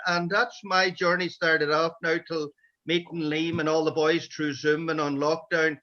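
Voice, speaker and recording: Donegal Irish man, high and bright, anecdotal storyteller, lo-fi call audio. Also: little pitch movement, a little slow. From Ireland. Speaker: men's shed member. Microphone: video call. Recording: dull lo-fi video call audio.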